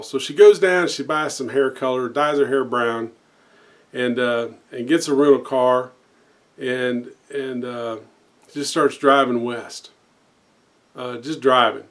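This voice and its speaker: A man tells a long joke in a loose, casual way. He keeps circling back with "uh" and "and, and" as he goes. His voice sits at an ordinary middle pitch. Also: fairly bright tone. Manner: rambling with many fillers and restarts. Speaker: joke teller.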